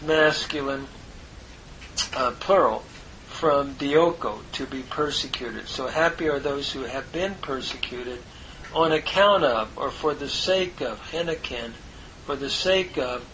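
A man teaching a verse-by-verse Greek lesson, parsing each word in a deliberate, halting way with many fillers. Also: mid-range voice, bright, forceful tone, slight background noise, rough recording. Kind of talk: slow parsing of a biblical text.

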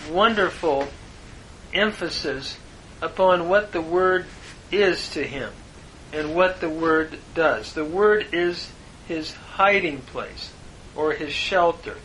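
A man teaches scripture in a measured, unhurried way, leaning on key words for emphasis. His voice is bright and sits a little high. A faint low rumble runs behind him. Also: low-quality recording. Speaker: Bible teacher. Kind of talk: devotional Bible lesson with Hebrew word study.

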